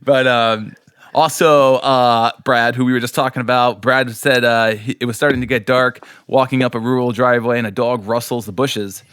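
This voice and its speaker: A man's voice: mid-range voice, fairly even intonation, normal speed, fairly bright tone, smooth, no echo, studio quality. A man hosting a podcast, telling rambling stories in casual chat and laughing often. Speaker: podcast host.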